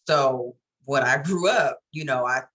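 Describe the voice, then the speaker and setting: A woman's voice: a bass voice, unhurried, fairly bright tone. A woman co-hosting a casual chat, telling her story candidly and laughing often. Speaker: co-host.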